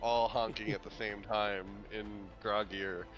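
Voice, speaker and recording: A man playing a tabletop game, describing his character with slow amusement. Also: fairly low pitch, level tone, a bit bright, dull audio, soft background music. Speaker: player. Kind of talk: casual tabletop role-play.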